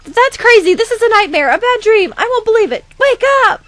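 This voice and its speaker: A woman voicing a giddy young fangirl in a video game playthrough, gushing in breathless, shrill squeals. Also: animated, brisk, fairly bright tone. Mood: horrified.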